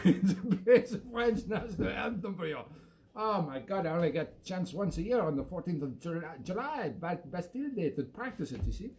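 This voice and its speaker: A man's voice: sits high, a little mellow. A man hosting a casual home music live stream, chatting in a jokey, self-deprecating way. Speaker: musician host.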